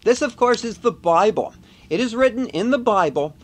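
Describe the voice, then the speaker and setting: High-voiced chatty middle-aged Canadian man. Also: lively intonation, moderate pace. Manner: chatty, jokey, laughs often. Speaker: video blogger. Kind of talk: casual storytelling vlog.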